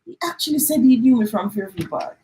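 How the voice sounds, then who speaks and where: A middle-aged woman with a Jamaican accent talks casually on a live stream. She acts out quick exchanges and drifts between standard English and patois. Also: on the high side, very animated, dark tone, slight background noise, rough recording. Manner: chatty, mixes in patois, acts out little dialogues.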